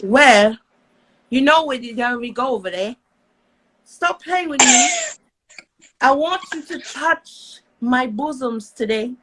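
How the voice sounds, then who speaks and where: A woman's voice: sits high, very animated, takes it slowly, pauses often, a bit bright, a little hiss or hum, pitched above the performer's own voice, heavily acted, low-quality recording. A woman voicing a bold, teasing, flirtatious Scottish woman.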